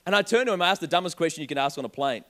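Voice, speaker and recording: A young man preaching a sermon, telling a joking personal story in an animated way. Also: fairly high pitch, rapid-fire. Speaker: pastor.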